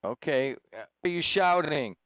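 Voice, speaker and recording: A man's voice: a little high, expressive, a little slow, fairly bright tone, dry recording. A man hosting a radio call-in show, chatting with callers in a rambling, friendly, teasing way. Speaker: radio talk show host. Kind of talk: casual call-in chat. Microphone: studio microphone.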